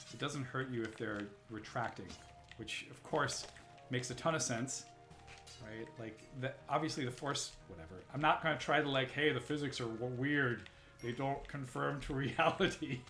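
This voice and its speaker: A man's voice: mid-range voice, a bit bright. A man streaming a platform game live, rambling and musing aloud, often breaking off mid-sentence and asking "right?". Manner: rambling, self-interrupting, says "right?" often. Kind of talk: casual live-stream commentary. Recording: roomy echo, faint music.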